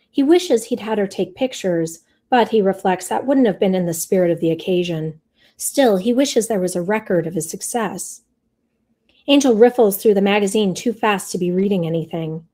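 Woman author reading her own fiction aloud, measured and expressive, mellow warm tone. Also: medium pitch. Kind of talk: literary reading.

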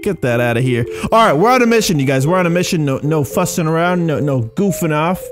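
Excitable male gaming host, jokey and animated, game music playing under him. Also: fast talker. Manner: excitable, jokey, bursts into laughter and high yelps. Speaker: gaming YouTuber. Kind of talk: casual gameplay commentary.

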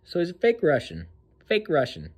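A man's voice: fairly high pitch, huge pitch swings, moderate pace, a little mellow, breathy edge. A man hosting casual political commentary in a sneering, mocking and slangy way. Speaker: host.

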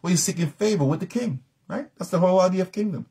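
Husky, emphatic middle-aged male Bible teacher. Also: high-pitched, fast talker, warm tone. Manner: emphatic, repetitive, preacherly. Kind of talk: live-streamed Bible teaching.

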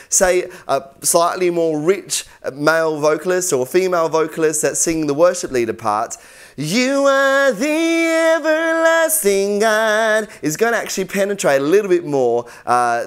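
A young man leads a singing tutorial, coaching with easygoing encouragement. His voice sits a little high for a man and comes through smooth and resonant. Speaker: vocal coach. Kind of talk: instructional tutorial.

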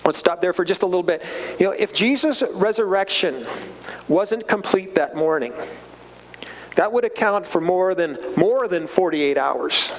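A man giving a casual Bible study talk, animated, chuckling and often repeating words as he reads and explains. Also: high voice, normal speed, slight background noise, low-quality recording. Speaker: Bible teacher.

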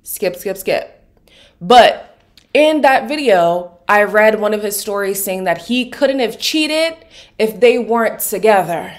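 A woman with a deep morning voice giving casual, opinionated commentary on a reality show to her channel's viewers. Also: lively intonation, measured pace. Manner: opinionated, sassy, emphatic. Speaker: recap vlogger.

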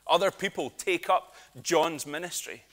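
A man's voice: a little high, a little slow. A man with a Scottish accent preaching a sermon, telling stories with humour and asides. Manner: lively storytelling with humour and asides.

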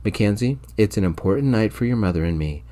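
A man voicing a smug, controlling wealthy boyfriend, condescending, in soft-spoken ASMR storytelling. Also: on the low side, expressive, fast talker, voice pushed up, natural voice.

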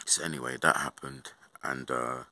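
A young man tells a story as an agitated, sweary rant. His voice is very low and gravelly, yet bright and forceful. The sound is close and dry, with bruv and mate dropped in all the time. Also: steady tone, normal speed, dry recording. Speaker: vlogger.

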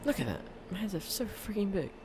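Excitable young man commenting on a game. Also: high voice, fast talker, noisy background. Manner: excitable, laughing, swearing. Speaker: gaming channel host. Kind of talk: let's play commentary.

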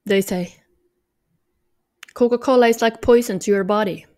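A woman's voice: medium pitch, fairly even intonation, moderate pace, mellow. A woman from Norway chatting in a vlog, a little tired, joking and self-mocking in a drawling voice. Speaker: vlogger. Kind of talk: rambling ironic vlog chat.

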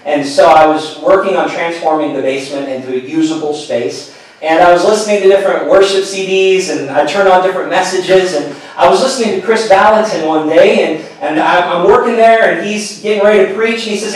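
A middle-aged pastor telling a personal story in a sermon, earnest and storytelling, often falling to a hushed voice. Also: male voice, a little high, brisk. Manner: earnest storytelling, drops to a hushed voice at tender moments. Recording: echoey hall, mic at a distance.

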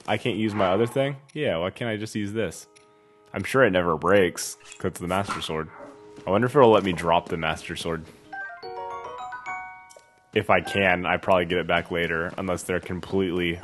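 Deep voiced guy streaming a game, chatty and jokey, thinking out loud, faint music behind. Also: steady tone, moderate pace, long pauses. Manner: chatty and jokey, wondering aloud as he plays. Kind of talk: casual let's-play commentary.

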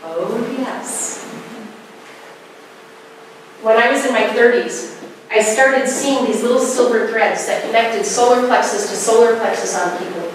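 A woman's voice: a little high, a little slow, long pauses, a little hiss or hum. A middle-aged woman giving a spiritual talk to a live audience, telling stories and acting out the voices she quotes. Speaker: presenter. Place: presentation hall. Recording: very echoey hall, mic at a distance.

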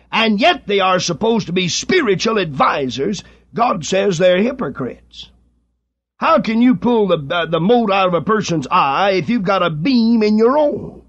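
A man's voice: sits high, fairly bright tone. A middle-aged man preaching a fiery radio sermon, full of rhetorical questions and rising fervor. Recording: dull lo-fi archival radio recording.

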